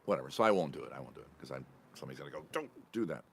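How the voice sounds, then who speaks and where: A man's voice: very deep voice, animated, very fast, vocal fry, a bit bright, husky. A man hosting his own podcast, telling a casual story in a chatty, rambling way and often correcting himself mid-sentence. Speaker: podcast host.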